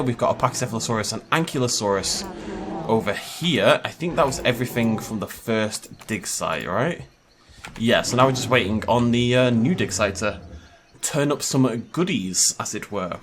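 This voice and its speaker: This man's mid-range voice has a fairly bright tone as he provides chatty, joking gameplay commentary for YouTube, laughing frequently. Slight background noise is audible.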